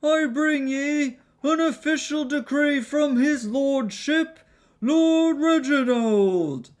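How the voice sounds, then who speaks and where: A man voicing a foppishly dressed male crier who calls out a decree in a loud, high, ringing voice. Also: takes it slowly. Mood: proclaiming.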